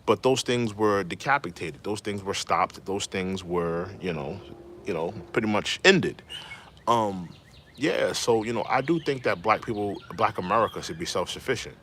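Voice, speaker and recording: Brief: male livestream host, low voice, animated swings, filler-heavy and opinionated. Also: normal speed, slight background noise. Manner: opinionated, heavy use of "you know" fillers; reads viewer comments aloud and answers them. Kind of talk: casual livestream chat.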